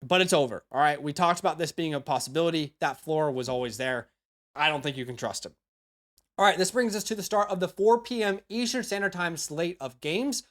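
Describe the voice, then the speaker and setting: A man's voice: on the high side, lively intonation, brisk, a bit bright. Chatty man breaking down football picks. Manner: chatty, frequent "you know" and "all right?" asides. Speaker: fantasy football analyst host. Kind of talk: casual scripted-free sports analysis.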